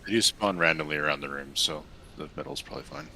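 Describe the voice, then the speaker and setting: A man's voice: rumbling low, fast talker, bright, forceful tone. A man in a raid's voice chat, explaining game mechanics to the group. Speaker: raid member. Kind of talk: casual gaming voice chat.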